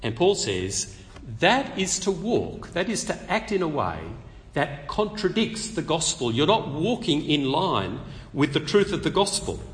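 A man's voice: fairly high pitch, measured pace. Man preaching in an echoing hall. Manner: conversational, animated, with light humor. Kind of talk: expository sermon at a public meeting. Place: meeting hall. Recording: long reverb of a meeting hall.

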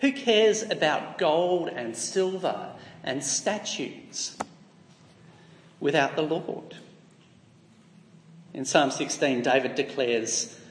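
A man's voice: fairly high pitch, animated, slow pace, pauses often, slight background noise. A man with an Australian accent preaching a sermon in an earnest, emphatic way, asking rhetorical questions. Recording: echoey hall with long reverb.

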